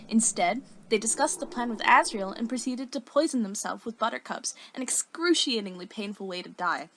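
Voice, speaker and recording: A woman's voice: mid-range voice, a bit bright, slight background noise. A woman reading a scripted video essay, arguing her case point by point and posing rhetorical questions. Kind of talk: scripted narration.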